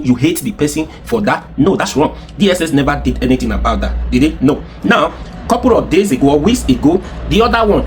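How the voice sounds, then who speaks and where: A man with a Nigerian accent giving heated, insistent commentary full of rhetorical questions and repetition. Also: a little high. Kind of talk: opinionated political commentary.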